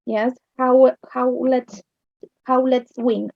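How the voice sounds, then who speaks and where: A woman with an Argentine accent teaching English literature, explaining slowly and checking understanding with "yes?". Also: sits high, no echo. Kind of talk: recorded online lesson. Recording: dull lo-fi sound.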